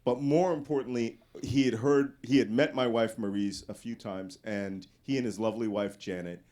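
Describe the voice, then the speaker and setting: A man's voice: medium pitch, normal speed. A man giving a casual, anecdotal talk as a guest speaker to a live audience, often raising his voice to act out the people in his stories. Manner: animated storyteller, voices quoted people loudly.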